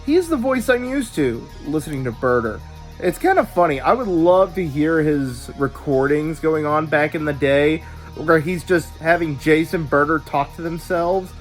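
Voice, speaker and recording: Man, casual opinionated commentary, lively pitch, faint music behind. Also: normal speed. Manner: opinionated, expressive, with stammering asides. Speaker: video host reviewing dubs.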